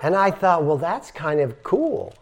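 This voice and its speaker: A man's voice: on the high side, big pitch swings, unhurried. An older man giving a spiritual yoga lecture, demonstrating breath sounds and telling stories with emphasis. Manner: demonstrative, exhales sighing sounds to teach breathing. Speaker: yoga teacher.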